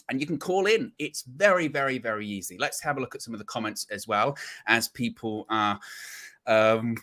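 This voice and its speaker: A man's voice: medium pitch, pushed and bright. A man hosting a live football fan show, talking emphatically and repeating phrases for effect. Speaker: host of a football fan channel livestream. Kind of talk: live post-match fan reaction show.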